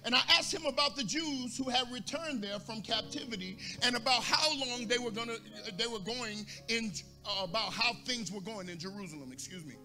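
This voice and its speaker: A man's voice: very high-pitched, brisk, few pauses, sharp tone, faint music behind. A man pastor preaching a sermon, asking the congregation for responses and rising into a sung cadence.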